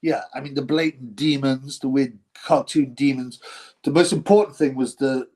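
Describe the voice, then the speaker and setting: A man's voice: medium pitch, normal speed, a little mellow. A middle-aged man, hosting a casual live stream, reading viewer comments aloud, rambling and laughing often. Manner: rambling, laughs often, breaks into mock announcer voices.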